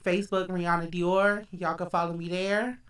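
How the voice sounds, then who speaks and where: A relaxed American woman joins a casual podcast as the guest. Her voice sounds a little distant from the microphone. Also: lowish voice, normal speed.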